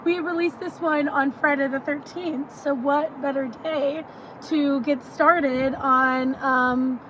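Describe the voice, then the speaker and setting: A chatty young woman co-hosting a podcast, her voice sitting high. She talks loosely and laughs often. The outdoor recording is dull and lo-fi, with clear street and traffic noise behind her. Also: steady tone, slow pace. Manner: chatty, laughs easily, Southern "y'all". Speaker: podcast co-host. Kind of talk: casual chat.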